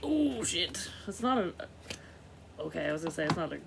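A woman's voice: deep voice, big pitch swings, a little fast, creaky, noisy background. A middle-aged woman giving a casual, rambling tarot reading, swearing freely and laughing at herself. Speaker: tarot reader.

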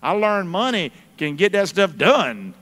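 Man, pastor, high-pitched, folksy call-and-response preaching, long church reverb. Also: very animated, a little slow, a bit bright. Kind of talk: sermon. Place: church sanctuary.

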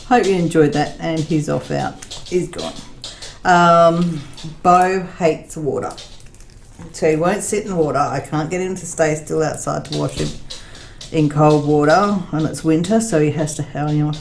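A woman chatting casually with her viewers, with many fillers, sometimes talking to her dog in a high baby voice. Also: a little slow, creaky. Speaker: craft vlogger. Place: home laundry room. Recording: echoey room with faint noise.

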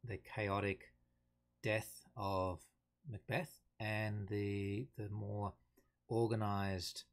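Male teacher, low register, slow and thoughtful, explains a play and reads quotes plainly. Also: level tone. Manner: unhurried, thoughtful, reads quotations aloud plainly. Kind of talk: casual explanatory lesson.

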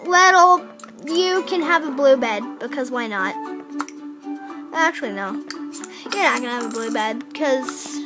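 Hyper kid gamer, high and unhurried. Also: music in the background. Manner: hyper and excitable, teasing. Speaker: gamer playing a life-sim game. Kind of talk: let's-play commentary.

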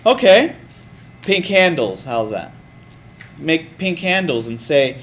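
A male teacher lecturing a classroom in a casual, lively way. His voice sits slightly high, and he keeps turning to the students with questions. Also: takes it slowly.

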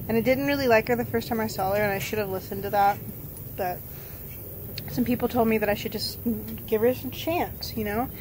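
A woman vlogging to camera in a casual way, out of breath, halting and searching for words as she restarts her sentences. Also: mid-range voice, noisy background. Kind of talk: casual vlog talking to camera.

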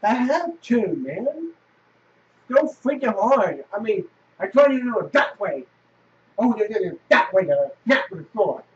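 A man's voice: high voice, sing-song, unhurried. A man commentating his horror game playthrough, cursing and venting frustration at the game. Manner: frustrated, swearing, shouting at the game. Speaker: gameplay video host. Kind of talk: casual let's play commentary. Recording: distant lo-fi mic.

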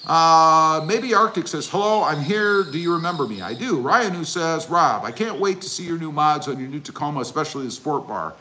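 A man's voice: a little high, lively intonation, fairly quick, hardly any pauses, sharp tone. A man hosting a casual livestream, reading viewer comments aloud and answering them with jokes. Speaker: livestream host.

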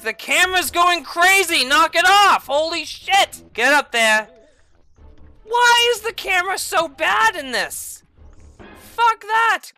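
A young woman giving rage-filled gameplay commentary as a host, swearing and yelling at the game. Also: high-pitched. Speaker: gaming video host.

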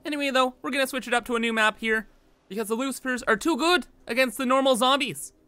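A man's voice: very high-pitched, quick pace, pushed and bright, smooth. A young man giving playful, hyped commentary over his strategy game. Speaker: gaming YouTuber. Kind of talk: casual gameplay commentary.

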